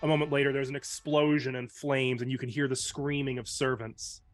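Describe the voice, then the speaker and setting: A man as game master, narrating a dark tabletop scene in measured, descriptive storytelling. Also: mid-range voice, little pitch movement.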